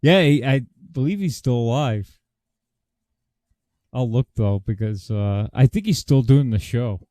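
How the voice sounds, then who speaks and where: A man's voice: medium pitch, unhurried, dark tone, no room sound, clean studio sound. A man casually commenting on a video he is playing, in a wry, amused, offhand way. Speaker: host reacting to a video. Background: faint jazz music.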